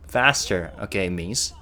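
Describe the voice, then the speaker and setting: A man's voice: fairly low pitch, sharp tone. A young man hosting a casual reaction video, chatting and stopping often to react and translate. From Korea.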